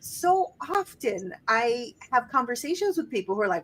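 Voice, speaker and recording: A woman's voice: on the high side, sing-song, normal speed, hardly any pauses, husky. Brief: middle-aged woman, podcast co-host, chatty storyteller, voice rises when quoting others. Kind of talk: casual conversation.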